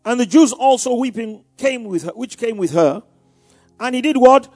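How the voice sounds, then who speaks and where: A man preaches with a high, lively voice that leaps between near-whispers and shouts, drawing call-and-response from his listeners. The sound is dry and close, with faint music underneath. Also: normal speed, no room sound. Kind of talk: sermon.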